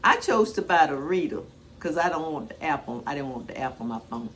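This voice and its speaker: A woman's voice: deep voice, lively intonation, brisk, a bit bright. An older woman talking casually in a rambling, homespun way while cooking in her home kitchen. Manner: chatty, homespun, rambling asides. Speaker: cooking vlogger.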